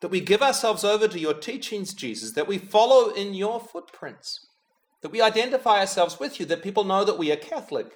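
Guy giving a quiet prayerful homily, kinda high voice, talks right to jesus and goes hushed on the name. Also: expressive, brisk. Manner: addresses Jesus directly, softening to a hush on the name.

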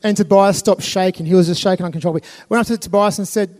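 An Australian man with a high-pitched voice gives a talk to a live audience. He tells his stories with animated energy, laughing and acting out the voices of the people in them. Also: fast. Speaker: speaker.

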